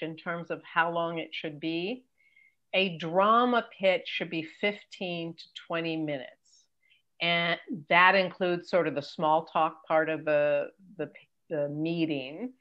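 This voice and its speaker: An older woman with a fairly low voice gives brisk, emphatic career advice over a dull, lo-fi video call. She is direct and practical. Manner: brisk, emphatic, mimics pitch emails. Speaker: career coach and guest expert. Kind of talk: advice in an interview.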